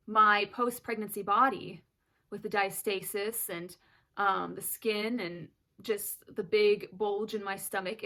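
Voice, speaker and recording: In a candid personal vlog, a woman in her thirties, a mother of twin daughters, shares her story. Her mid-range voice has a fairly bright tone, and she speaks earnestly and emotionally, at times close to tears.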